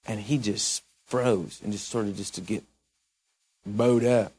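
A man preaching a sermon in a church, telling a jail story in a folksy, halting way and building to emphatic exhortation. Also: lowish voice, fairly even intonation, darkish tone, breathy edge. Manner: folksy, halting delivery with repeated restarts. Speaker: pastor.

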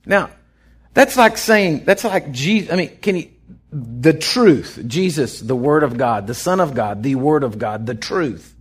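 A man preaching an off-the-cuff sermon, acting out voices as he goes. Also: high voice. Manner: animated, acts out voices in his storytelling. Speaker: pastor.

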